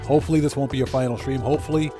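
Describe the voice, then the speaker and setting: A man's voice: medium pitch, fairly even intonation, rapid-fire, over music. A man hosting a casual gaming livestream, talking loosely and greeting chat viewers by name, at times choked up. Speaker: livestream host.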